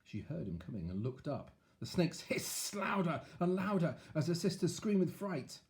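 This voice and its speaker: A man's voice: fairly high pitch, normal speed. A man reading a picture book aloud to children, with chatty asides. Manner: animated, chatty asides to young listeners. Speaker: storyteller.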